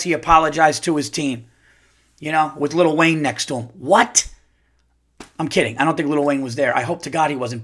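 A man's voice: high voice, fairly bright tone. Profane ranting man, raised voice. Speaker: podcast host. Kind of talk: solo podcast rant.

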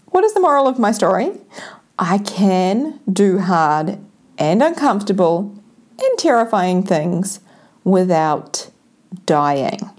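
Lively woman telling a funny story. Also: mid-range voice. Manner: animated, laughs often, self-mocking. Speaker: vlogger telling a personal story. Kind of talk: casual storytelling to camera.

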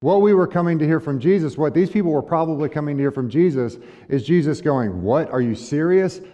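A man's voice: on the high side, quick pace, dark tone. A male pastor delivering a sermon in a conversational way, asking the congregation rhetorical questions. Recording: dull lo-fi sound with long hall reverb.

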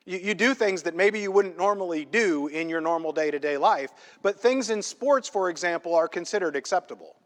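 A male pastor preaching a sermon in a church, emphatic and conversational, often checking in with a quick "right?". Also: high voice. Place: church sanctuary. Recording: long hall reverb in a church.

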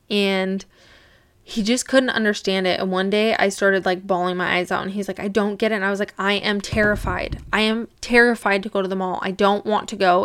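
A woman's voice: medium pitch, clean tone, dry recording, studio quality. A young woman hosting a podcast, telling a personal story in a candid, rambling way. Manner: candid, rambling, uses "like" a lot. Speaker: podcast host.

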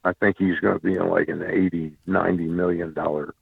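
A man calling in as a weekly guest for casual sports chat, talking rapidly and over the host. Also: low voice, flat delivery, vocal fry, slightly rough, no echo. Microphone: phone call. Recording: tinny phone line.

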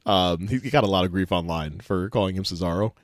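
A man co-hosting a casual chat show, excitable and halting, full of fillers and restarts. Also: deep voice, no echo, studio quality. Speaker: podcast co-host.

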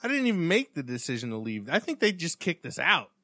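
A man's voice: fairly high pitch, wildly swooping pitch, fast talker, bright, forceful tone, no echo, clean studio sound. A man in casual podcast chat, swearing and retelling what he and others said.

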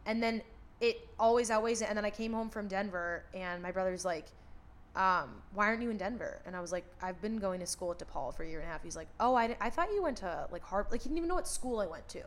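A woman's voice: medium pitch, expressive, fast talker, slight background noise. A young woman in her twenties chatting candidly on a podcast, swearing freely and restarting her sentences. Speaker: podcast host. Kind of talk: casual podcast chat.

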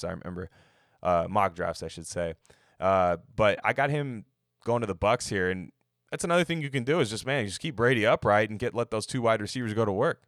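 This NFL mock draft podcaster's voice sits on the low side with a bit of brightness. In his casual sports talk he rambles through profane, opinionated draft takes, captured in a dry, studio-quality recording.

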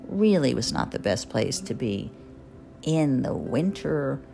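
Gravelly low-voiced woman podcast host. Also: big pitch swings, slow, warm tone. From New Jersey. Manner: candid, chatty, self-deprecating. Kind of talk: personal monologue. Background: guitar music.

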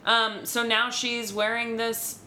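A woman's voice: a little high, little pitch movement, slow, pushed and bright, slight background noise. A woman co-hosting a podcast, recapping a reality show from her notes in a sarcastic, casual way and swearing now and then. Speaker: podcast co-host.

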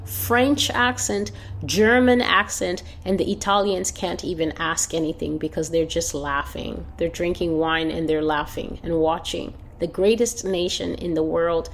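A woman delivering a fervent prophetic sermon on a prayer call, repeating phrases for emphasis. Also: on the low side. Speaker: prophetic preacher. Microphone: phone line.

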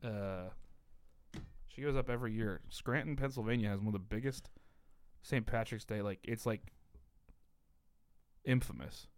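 A man's voice: fairly low pitch, normal speed, pauses often. A man from the United States in casual podcast chat, blunt and profane, ranting with heat. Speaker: podcast co-host.

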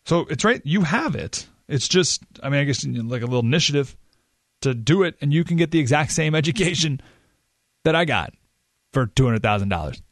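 A man's voice: a little high, lively intonation, brisk, no echo, clean studio sound. Chatty self-mocking male radio host. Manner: chatty, rambling, self-deprecating with laughs. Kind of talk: casual talk radio monologue. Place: radio studio.

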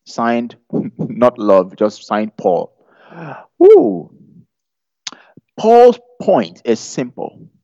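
A man delivers a conversational sermon in a chatty, humorous way, frequently posing questions to the audience. His voice is medium-pitched and warm with no room sound, though the recording has a dull, lo-fi quality.

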